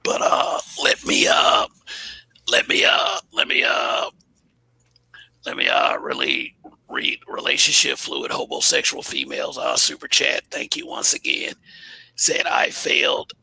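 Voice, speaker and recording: A man's voice: medium pitch, huge pitch swings, a little slow, creaky, sharp tone, slightly rough, no echo, rough recording. A man hosting a live-stream panel, talking loosely with many fillers and restarts. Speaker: livestream host. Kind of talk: casual live-stream chat.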